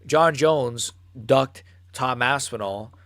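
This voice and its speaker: A young man hosting a live fight reaction stream, ranting excitably and swearing, recorded close to the mic. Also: mid-range voice, slow pace, no room sound. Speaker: MMA channel host.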